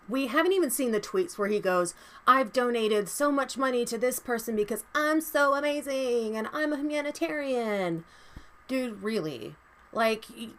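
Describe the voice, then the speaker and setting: A woman's voice: on the high side, fairly bright tone. A woman vlogger delivering a heated, profane commentary rant with angry emphasis.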